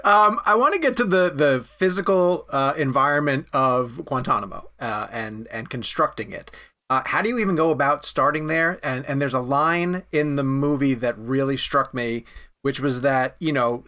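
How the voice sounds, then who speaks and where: A man's voice: medium pitch, normal speed, bright, forceful tone. A man hosting a podcast, asking easygoing, filler-heavy questions and laughing often. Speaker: podcast host. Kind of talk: casual interview.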